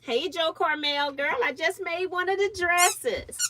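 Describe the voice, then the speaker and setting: Bright, high-voiced woman chatting slowly. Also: slight background noise. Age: grandmother age. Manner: chatty, laughs often, reads out viewer comments. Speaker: livestream host. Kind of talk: casual livestream chat while sewing.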